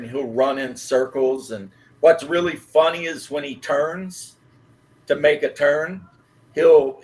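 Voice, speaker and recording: A man chatting casually on a live stream, telling rambling, animated stories. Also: medium pitch. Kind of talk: casual chat.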